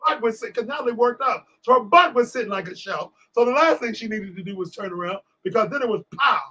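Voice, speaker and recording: A man from Washington, D.C., a guest on a talk show, telling lively stories and acting out what people said. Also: high voice, quick pace, highs cut off. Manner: animated storyteller acting out quotes. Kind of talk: storytelling in a casual interview.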